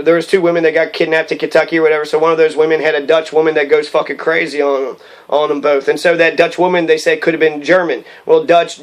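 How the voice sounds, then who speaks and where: A history commentator with a fairly high-pitched voice rambles about history and ancestry on poor-quality audio. He swears often and keeps looping back with filler words in this profane, meandering commentary.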